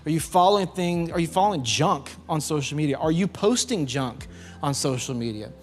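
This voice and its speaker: A man's voice: fairly high pitch, expressive, a little fast. A man with a Southern US accent, a youth pastor giving a sermon and firing questions at the audience to get responses. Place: church youth hall. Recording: long hall reverb, faint music behind.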